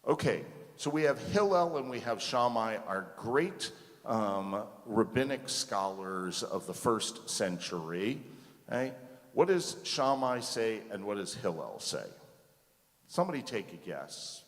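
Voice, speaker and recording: A man gives a slow, conversational lesson to a congregation and keeps asking the room questions. His pitch rises and falls a lot as he speaks. His voice carries the long reverb of a large sanctuary. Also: big pitch swings. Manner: conversational, asks the audience questions, frequent "okay?" and "right?". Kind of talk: teaching talk to a congregation. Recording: reverberant hall.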